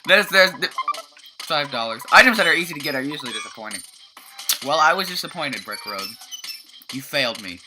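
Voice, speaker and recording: A woman's voice: low-pitched, lively intonation, brisk, long pauses, background noise. A young woman casually commentating a video game she plays, sleepy, chatty and self-mocking, often tripping over her words. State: tired, just woke up. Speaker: let's play commentator. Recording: game music playing under voice. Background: game music.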